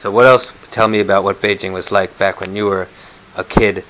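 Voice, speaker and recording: A man's voice: low voice, little pitch movement, a little fast, fairly bright tone. A man interviewing a guest in a casual, prompting way. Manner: prompting, conversational. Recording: muffled, noisy.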